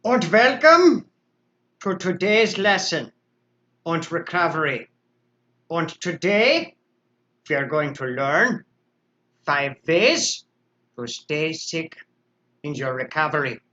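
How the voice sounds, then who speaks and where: A man voicing a pompous mock doctor who lectures with a pointing stick, in a put-on foreign accent with slow theatrical delivery, on a comic live stream. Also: sits high, big pitch swings, bright, forceful tone, lo-fi sound, full character voice. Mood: grandly lecturing. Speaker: host.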